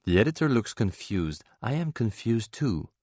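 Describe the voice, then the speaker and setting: A man narrating a novel in the first person, measured and dryly ironic. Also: lowish voice, big pitch swings, darkish tone, slightly rough, dry recording. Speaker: audiobook narrator.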